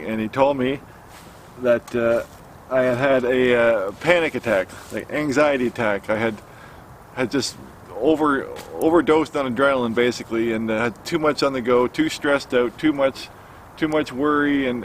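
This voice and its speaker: Man telling a story with many halting pauses. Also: medium pitch, slight background noise. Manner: halting, many fillers and restarts. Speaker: outdoor cooking vlogger. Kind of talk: casual storytelling to camera. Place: outdoors by a campfire.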